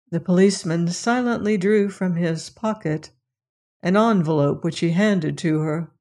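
An audiobook narrator with a medium-pitched voice reads a novel aloud. The scripted narration is steady and measured.

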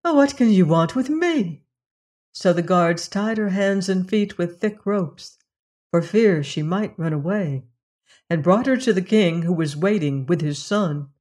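A female storyteller with a voice on the low side narrates a fairy tale in a measured, expressive reading.

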